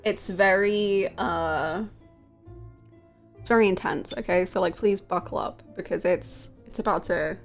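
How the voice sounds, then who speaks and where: A woman's voice: medium pitch, measured pace, faint music behind. A woman streaming a game live, chatting casually with her viewers in a giggly, rambling way.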